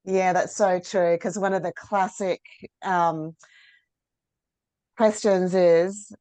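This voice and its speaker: A woman's voice: fairly low pitch, fairly even intonation, slow, pauses often, warm tone, no echo. A woman hosting a podcast, chatting in an upbeat, enthusiastic way. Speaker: podcast host. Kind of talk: casual podcast conversation.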